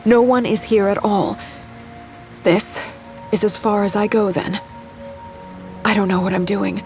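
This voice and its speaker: A young woman speaks in a quiet, haunted first-person monologue at a middle pitch, like the lead of an audio drama. Soft music sits behind her voice, with rain falling. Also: steady tone, a little slow. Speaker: narrator and lead character.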